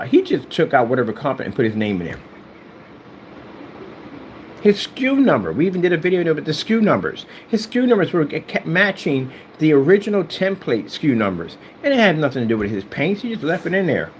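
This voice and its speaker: Casting note: boastful, taunting man, wildly swinging pitch, faint room hiss. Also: very animated, a little fast. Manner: taunting, boastful, sing-song asides. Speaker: screen paint maker. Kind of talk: boastful rant to rivals.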